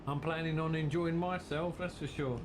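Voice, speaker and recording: An English man streams a farming game and chats away to his viewers, his voice altered by a filter that sits a touch higher than usual. A steady background hiss runs under the home recording, and he talks to himself while he works. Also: normal speed. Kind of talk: casual gaming commentary.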